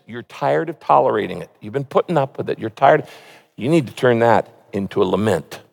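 Speaking in a mid-range voice with vocal fry, a pastor delivers a sermon, reading scripture earnestly and crying out prayers with rising intensity. The sound trails off in a long hall reverb.

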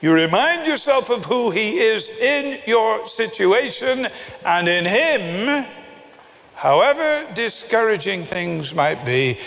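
A man preaching a sermon, telling a story with acted dialogue and emphatic pauses, from England. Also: high-pitched, gravelly, fairly bright tone, long reverb tail.

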